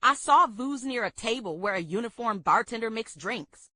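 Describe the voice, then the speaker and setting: A woman reading a memoir aloud for a book club, steady and measured. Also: a little high, no room sound.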